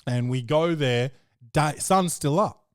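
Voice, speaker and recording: Slow-paced and fairly high-pitched, a man hosts a podcast, casually chatting through crude, rambling stories laced with profanity and frequent "bro." The recording is dry and studio quality.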